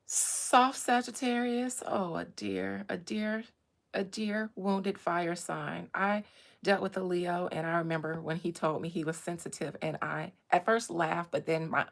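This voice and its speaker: A woman hosting a casual chat about astrology and gossip, animated, swinging from low murmurs to loud bursts. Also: measured pace, vocal fry. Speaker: host.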